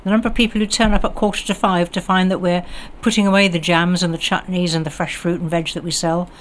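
A woman's voice: fairly low pitch, little pitch movement, fast, slight background noise. An older woman from the West Country with a received pronunciation accent, a guest on local radio talking chattily with many ums. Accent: southern English, received pronunciation. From West Country of England. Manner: chatty, hesitant with ums and restarts. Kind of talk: casual radio chat.

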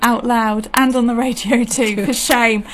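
A woman's voice: a little high, steady tone, measured pace, fairly bright tone. A woman from England hosting a local gardening show on community radio, chatting from the studio and laughing easily. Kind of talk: radio chat.

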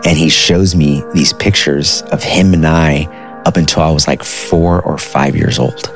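A man's voice: very deep voice, steady tone, a little slow, faint music behind. A man in his thirties casually telling a personal story, with a conversational manner full of "like" and "dude". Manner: conversational, uses filler like "like" and "dude".

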